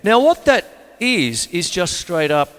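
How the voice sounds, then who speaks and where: A man's voice: high voice, big pitch swings, a little slow, clear, resonant tone. A man from Australia giving a chatty, rambling drum lesson, counting beats aloud as he plays a kit. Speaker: drum teacher. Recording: long hall reverb, drums playing loudly.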